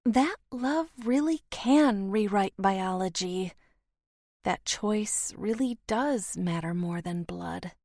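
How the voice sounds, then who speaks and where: A woman narrating a romance audiobook in a soft, intimate first-person voice. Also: mid-range voice, slow pace, no echo, clean studio sound.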